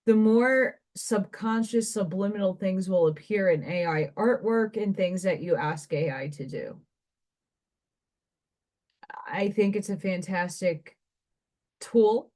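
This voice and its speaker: A woman's voice: medium pitch, a little mellow. A woman giving a spiritual card reader's monologue to her viewers, meandering and conversational and thinking aloud with asides.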